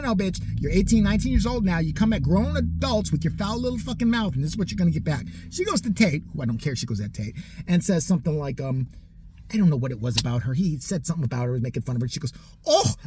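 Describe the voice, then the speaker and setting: A man's voice: high-pitched, background noise. A man in his forties delivering a profane, mocking comedic rant in a heated way. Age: 40s. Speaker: comedic ranter.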